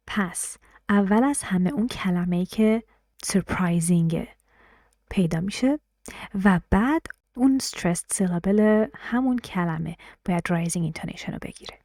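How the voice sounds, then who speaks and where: Woman, teacher, quick lecture pace, mellow tone. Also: on the low side, no room sound, clean studio sound. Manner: mixes English terms into fast explanations. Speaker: pronunciation teacher. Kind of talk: explaining a lesson in brisk lecture style.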